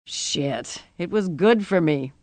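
A woman voicing a big, tough older woman who is blunt, profane and reassuring, with a low rumbling voice. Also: animated, slow, darkish tone, dry recording. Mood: amused.

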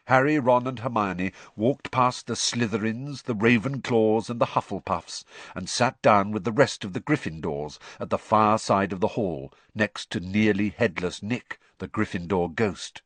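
A man narrating a novel aloud as an audiobook, in a measured, expressive storytelling manner. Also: lowish voice, no room sound. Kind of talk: scripted narration.

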